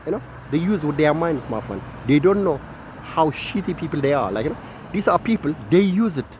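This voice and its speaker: A man rants in a rambling monologue, tagging "my friend" onto everything. His voice sits a little high and bounces wildly in pitch, swinging from loud bursts to low mutters. He is recorded outdoors with faint traffic behind him. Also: big pitch swings, brisk. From Horn of Africa. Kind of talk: ranting monologue.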